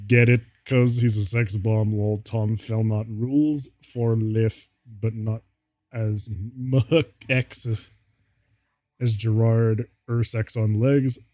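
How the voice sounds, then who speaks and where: A man's voice: on the low side, steady tone, takes it slowly, dark tone, no room sound. A male streamer reading fan fiction aloud, amused and laughing often.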